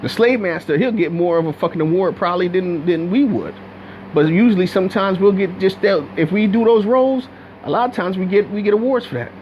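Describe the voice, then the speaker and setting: A man's voice: sits high, fairly quick, muffled recording, slight background noise. A man giving a blunt, profane, rambling commentary rant with many restarts. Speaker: video commentator.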